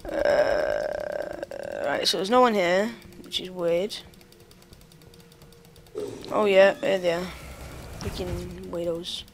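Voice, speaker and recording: A gamer giving let's-play commentary, excitable and quickly exasperated, talking back to the game as they play. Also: medium pitch, vocal fry, slight background noise. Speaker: gamer playing through a game.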